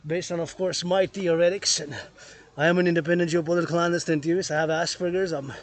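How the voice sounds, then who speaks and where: A man's voice: fairly high pitch, fairly even intonation, quick pace. A man vlogging outdoors on a forested mountain trail, rambling and repeating words and phrases over and over. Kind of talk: rambling vlog monologue.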